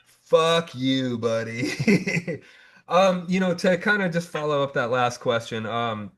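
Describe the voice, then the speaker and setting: A man's voice: a little high, expressive, moderate pace, fairly bright tone. A man from the Southern United States, a Marine veteran hosting a podcast interview, speaking in a blunt, heated way and swearing freely.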